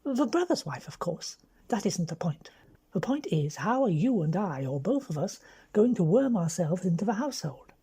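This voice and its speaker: A woman with an English accent voicing a bold young aristocratic woman who lays out a scheme in a brisk, bossy way. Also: on the low side, big pitch swings, dark tone, slightly rough, heavily acted. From London.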